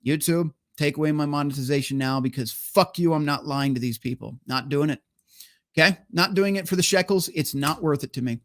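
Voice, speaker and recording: A man hosts his solo livestream, ranting hard with heated, profane emphasis. His voice sits on the higher side, and the sound is close and dry with no room echo. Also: fairly quick. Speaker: livestream host. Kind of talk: solo livestream rant and chat reading.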